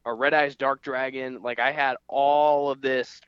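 A man's voice: medium pitch, fairly even intonation, measured pace, smooth, no room sound. Rambling young man, lo-fi podcast mic. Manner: rambling storyteller, many fillers. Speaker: podcast co-host. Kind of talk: casual chat.

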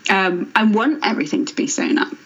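A woman author speaking as a guest, thoughtful and earnest, pausing and restarting as she reflects on faith. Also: mid-range voice, expressive, a bit bright, lo-fi sound. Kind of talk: reflective faith podcast conversation.

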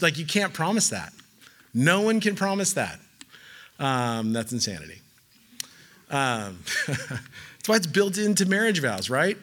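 A male preacher with a slightly higher voice than most men. He preaches in a loose, conversational way, slipping in jokes and acting out the voices of the people he quotes. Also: fairly bright tone. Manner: conversational, joking asides, acts out quoted voices. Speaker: pastor. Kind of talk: sermon.

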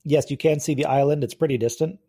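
A man narrating as game master of a tabletop role-playing game, describing scenes in a relaxed way with frequent filler words. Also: a little high, quick pace.

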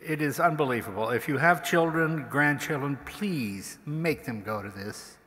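A man's voice: a little high, normal speed. An older man, a comedian, telling anecdotes on stage at a live event, acting out the people in his stories. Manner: animated storytelling, acts out the people in his stories. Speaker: comedian, guest speaker. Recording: reverberant hall from a stage mic.

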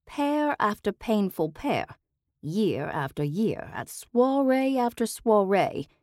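A woman's voice: mid-range voice, sing-song, slow pace, darkish tone, dry recording, voice pushed up. Haughty society dame with British airs, read by a woman; imperious, theatrical, dry close sound. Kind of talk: audiobook character voice.

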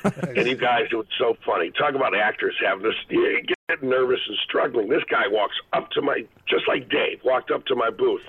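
Middle-aged man, actor guest, rambling animated storyteller, tinny phone-line sound, mid-pitched voice. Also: normal speed. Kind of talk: phone-in interview.

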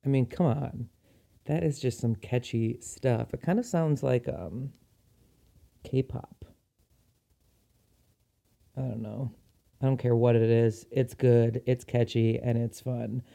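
A man's voice: medium pitch, fairly even intonation, slow pace, gravelly, pauses often, warm tone. A man hosting a podcast, talking in a chatty, enthusiastic way with frequent ums. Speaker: podcast host. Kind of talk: casual solo podcast chat.

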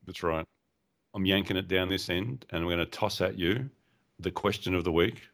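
A very deep-voiced man joins a podcast from a remote call line, talking in a relaxed, playful and teasing way. Keyboard typing can be heard in the background. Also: moderate pace. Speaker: podcast co-host. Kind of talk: casual chat.

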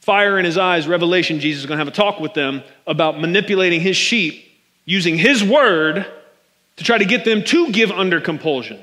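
A man preaching a sermon as pastor, conversational and animated, often calling his listeners "man". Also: high voice, fairly quick, big-room sound.

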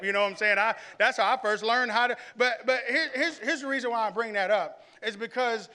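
A high-pitched man preaching to a church congregation. His tone is sharp and tense. He tells stories animatedly, often restarts his sentences, and keeps asking the crowd questions. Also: brisk, hardly any pauses. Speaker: pastor. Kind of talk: sermon.

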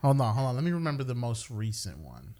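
A man's voice: medium pitch, wildly swooping pitch, fast talker, dark tone. A man telling a rambling, profane story in casual chat with friends, often laughing. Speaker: podcast regular telling a story.

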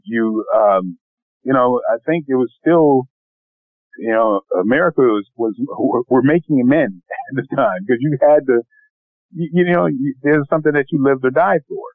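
Excited guy actor talking in an interview, dry phone line sound. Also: medium pitch, no room sound. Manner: enthusiastic, emphatic. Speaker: actor guest. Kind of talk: interview answers.

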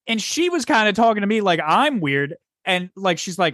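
Animated, swearing young man telling a story. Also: sits high, moderate pace, few pauses, no echo, studio quality. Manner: animated, profane, exasperated storytelling with acted-out dialogue. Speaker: podcast co-host. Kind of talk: casual chat, storytelling.

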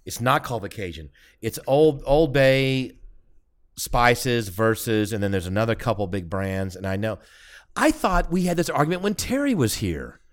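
A man's voice: mid-range voice, sing-song, normal speed. A middle-aged man chatting casually on a podcast, telling rambling stories with many restarts and asides. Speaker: podcast co-host. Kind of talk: casual chat.

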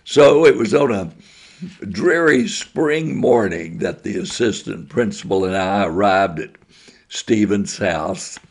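An older man, a retired school principal, telling folksy stories from his school days in a slow, homespun way with chuckling asides. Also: on the low side, animated. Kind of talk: folksy spoken storytelling.

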